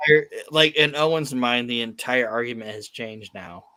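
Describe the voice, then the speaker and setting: A man's voice: mid-range voice, moderate pace, pushed and bright, smooth, dry recording. Profane, emphatic male podcast host. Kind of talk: casual chat.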